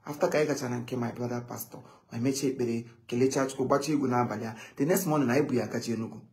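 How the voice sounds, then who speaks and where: A man telling stories in a casual live chat, animated and often quoting others. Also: mid-range voice, racing. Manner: animated, switching between English and Igbo, quoting others.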